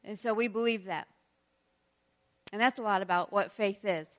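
Woman in her thirties, pastor's wife, casual chatty preaching, quick laughs. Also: mid-range voice, fairly bright tone. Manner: chatty, laughs often, leads prayer. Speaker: pastor's wife leading a church service. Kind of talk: casual sermon.

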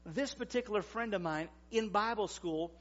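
A man in his forties, a pastor preaching a sermon in a conversational way, swinging between loud emphasis and quiet asides. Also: high-pitched, moderate pace. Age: 40s. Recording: dull, lo-fi recording.

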